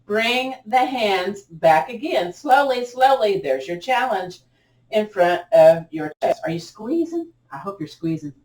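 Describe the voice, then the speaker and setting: A woman leading a gentle yoga class, giving upbeat, cheering cues with chatty asides, her voice a little cracked as she clears her throat. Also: medium pitch, sing-song, unhurried. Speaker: yoga instructor. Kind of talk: guided yoga class instruction. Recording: echoey room, distant mic.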